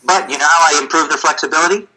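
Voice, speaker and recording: A middle-aged man, a physical therapy clinic owner, telling stories in a casual, animated way. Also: on the high side, racing, rough recording. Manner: animated, storytelling with acted-out quotes. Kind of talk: casual storytelling chat.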